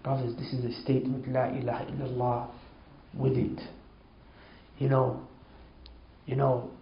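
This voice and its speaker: A man's voice: monotone, measured pace, a little hiss or hum. A man giving an informal religious talk, storytelling emphatically and repeating oaths for stress. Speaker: Islamic speaker. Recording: echoey, dull low-fi sound.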